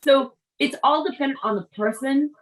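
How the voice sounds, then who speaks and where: A woman's voice: sits high, normal speed, low-quality recording. Chatty woman host telling stories. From Haitian family background. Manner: chatty, storytelling with many asides and restarts. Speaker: show host. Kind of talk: casual interview chat.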